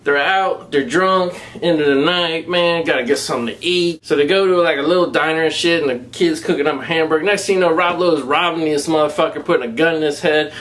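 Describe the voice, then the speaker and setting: A man's voice: a little high, fairly bright tone. A man with a Southern US accent reviewing a movie in a casual, rambling, profanity-heavy way. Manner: profane, rambling, laid-back storytelling. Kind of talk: casual spoken film review.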